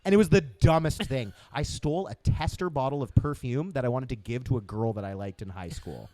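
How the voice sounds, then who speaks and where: A young man, a comic and club owner, telling a story as a podcast guest in a loose, swearing, animated way. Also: mid-range voice, brisk, dry recording. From Canada. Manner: animated, swearing, acts out voices in anecdotes. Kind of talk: casual chat, storytelling.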